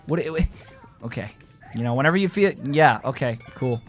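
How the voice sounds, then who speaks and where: A man giving live gameplay commentary, joking with his chat and yelling and squealing when things go wrong. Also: medium pitch, normal speed, faint music behind. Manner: excitable, yells and squeals at game moments. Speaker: gaming streamer.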